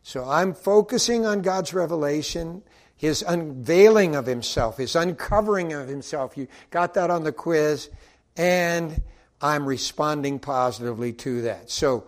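Animated man preaching a sermon. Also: a little high, measured pace. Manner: animated, acts out quotes, rises and drops in volume.

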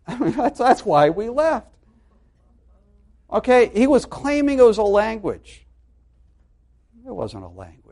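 A middle-aged male pastor delivering a sermon, his pitch a little high and swinging widely as he tells a story. He talks conversationally, breaking off with fillers and starting sentences over. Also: a little slow, vocal fry, pauses often. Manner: storytelling, animated, with many fillers and restarts.

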